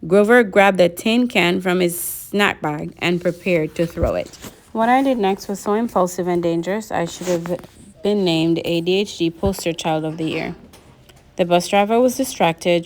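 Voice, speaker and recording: A woman's voice: on the low side, normal speed, slight background noise. Woman reading a novel aloud. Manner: lively audiobook reading with voiced characters. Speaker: narrator.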